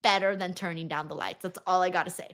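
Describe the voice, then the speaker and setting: Bright, lively young woman co-hosting. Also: fairly low pitch, fast. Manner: playful, laughs often, swears casually. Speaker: co-host of a wrestling watchalong stream. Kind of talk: casual chat.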